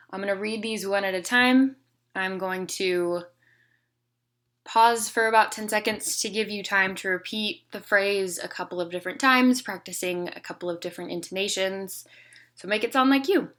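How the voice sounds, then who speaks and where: A woman leading a group speech therapy session over a video call, giving patient step-by-step instructions and holding long, loud vowels. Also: medium pitch. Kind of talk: guided voice exercise session.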